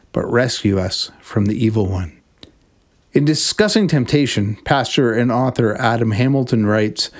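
A man at an ordinary middle pitch teaches Scripture as a devotional podcast host. He talks in a measured, reflective way and slows down when reading passages aloud. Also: a little mellow.

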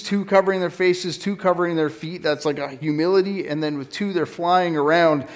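A man preaching a sermon in a conversational teaching style, often stopping to correct himself. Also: on the high side. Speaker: pastor.

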